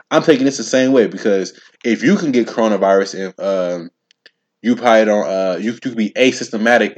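A man in his twenties hosting a casual solo podcast. He talks in an animated, slangy way, repeats himself and speaks straight to his listeners. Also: mid-range voice. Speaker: podcast host.

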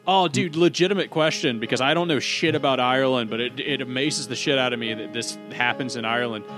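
A man's voice: medium pitch, quick pace. Podcast host, male, casual and crude, cusses freely, faint music bed. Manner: crude, joking, swears freely.

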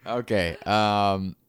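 A man's voice: lowish voice, no room sound. A man co-hosting a podcast, teasing his friends with crude jokes and frequent laughter. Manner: laughs often, swears freely, teasing. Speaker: podcast co-host. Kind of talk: crude casual banter.

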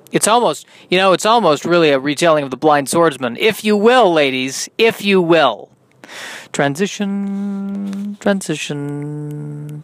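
A tired man, a comedian, hosting his own podcast in a rambling, halting, self-deprecating monologue. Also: medium pitch, a bit bright, no room sound. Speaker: podcast host and stand-up comedian.

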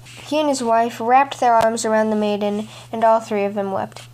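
A woman hosting a storytelling podcast, giving a measured, expressive scripted reading of a folk tale. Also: mid-range voice.

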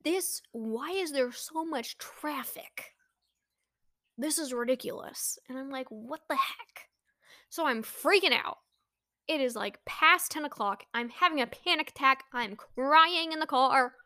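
A woman's voice: sits high, measured pace, no room sound, clean studio sound. Chatty young woman telling a story. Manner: chatty, animated, lots of fillers, rising to anxious exclamations. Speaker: vlogger. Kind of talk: casual storytime to camera.

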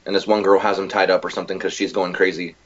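A man with a low, husky voice talks loosely and excitedly, piling on fillers and swear words as he recounts things. The recording is a bit dull and lo-fi, like a home podcast setup. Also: fast. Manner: rambling, profane, animated retelling. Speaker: podcast co-host. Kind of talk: casual chat.

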